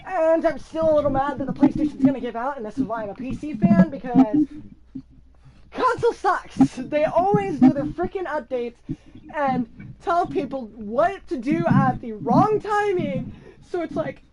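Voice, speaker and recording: Hyper, high-voiced rambling woman. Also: expressive, moderate pace, poor audio. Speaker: vlogger. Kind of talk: casual rambling vlog. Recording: loud crowd noise behind.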